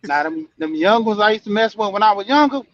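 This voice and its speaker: A man with a high voice talks in a folksy drawl, dropping "boy" and "man" as he goes. The audio is dry and a bit dull. It sounds like a remote call. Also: lively intonation, quick pace, dry recording. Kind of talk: casual chat.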